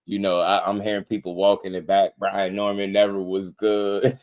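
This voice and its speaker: A man hosting a casual boxing livestream, slangy and excitable, laughing often as he talks to his chat. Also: low-pitched, normal speed.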